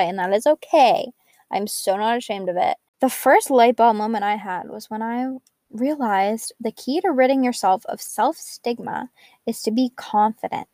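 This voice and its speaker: A woman's voice: a little high, warm tone, dry recording, clean studio sound. A young woman candidly telling her personal story in a chatty, upbeat way, full of "like". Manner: chatty, upbeat, frequent "like" fillers. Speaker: speaker sharing her recovery story.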